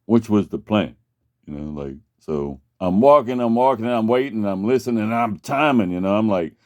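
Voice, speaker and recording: A man's voice: lowish voice, lively intonation, moderate pace, darkish tone, muffled recording. A man casually telling a long personal story, rambling and profane, with many restarts. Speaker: vlogger.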